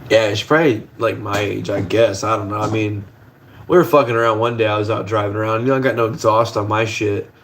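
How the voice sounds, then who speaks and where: Young man with a lowish voice, laid-back livestream host rambling from his kitchen stove, casual swearing, faint background hum. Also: steady tone, quick pace, fairly bright tone.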